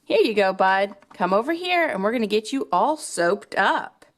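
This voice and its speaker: A woman narrating a toy play for children in an animated storytelling manner. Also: medium pitch, normal speed.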